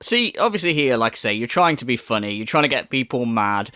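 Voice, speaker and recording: A man's voice: mid-range voice, sing-song, a little fast, bright, forceful tone, no echo, clean studio sound. A man doing a profane, mocking commentary rant. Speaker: commentary YouTuber. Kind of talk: ranting video commentary.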